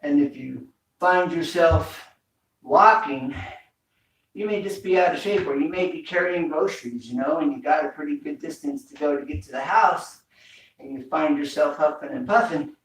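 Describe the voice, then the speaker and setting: A man's voice: fairly high pitch, moderate pace. A man teaching a home workout, coaching breathing with repeated cues. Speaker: fitness instructor. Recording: echoey room, mic far off.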